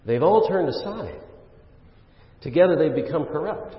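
A man's voice: fairly high pitch, lively intonation, measured pace, pauses often. A male pastor preaching in an easy, chatty way, full of asides and little fillers, then rising and pressing hard on his key points. His voice carries a long hall echo, and the recording sounds muffled and lo-fi. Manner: conversational preaching with fillers and asides, swelling for emphasis. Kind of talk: sermon. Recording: roomy hall reverb, dull lo-fi sound.

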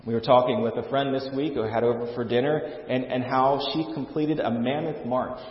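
A man's voice: mid-range voice, fairly even intonation, brisk. A male pastor preaching a sermon in an earnest way, often restarting and repeating words. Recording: echoey hall, dull lo-fi sound.

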